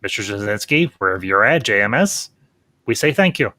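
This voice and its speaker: A man's voice: fairly low pitch, lively intonation, fairly quick, pushed and bright. A man hosting a casual livestream chat, folksy and chatty with frequent ums. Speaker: host.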